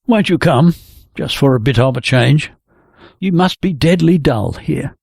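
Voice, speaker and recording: A hearty, talkative young man chats breezily and bluntly, as a male reader plays him, his voice gravelly and husky. It sounds close and dry, with no room around it. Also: on the high side, animated, measured pace, darkish tone, no room sound, full character voice. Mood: coaxing.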